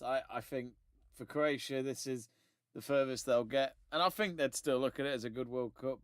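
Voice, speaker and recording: A man hosting a casual sports chat show, upbeat and animated as he presents. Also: medium pitch, clean tone, dry recording, clean studio sound. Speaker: host.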